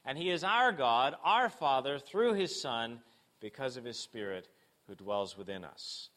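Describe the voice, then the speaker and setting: A man preaching a sermon, asking rhetorical questions and moving between emphatic and hushed delivery. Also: medium pitch, expressive, moderate pace. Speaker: pastor.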